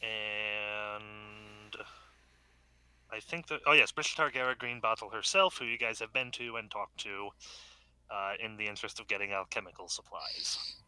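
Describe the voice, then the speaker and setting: Slow, bright-voiced man running a game. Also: lowish voice, smooth, dry recording. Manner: unhurried, halting with many fillers. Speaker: game master. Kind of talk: narrating a tabletop game over a call. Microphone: video call.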